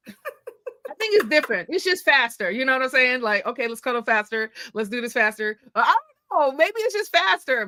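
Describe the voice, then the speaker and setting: Woman co-host, slightly high, bright and crisp, relaxed storytelling in casual chat. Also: no echo. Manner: easygoing storyteller, acts out quotes. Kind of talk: casual live podcast chat.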